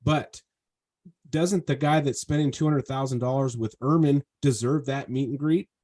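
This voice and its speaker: Energetic man coaching over a video call. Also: medium pitch, moderate pace. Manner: energetic, emphatic, talks in long persuasive runs. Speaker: sales trainer and podcast host. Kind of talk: one-on-one coaching.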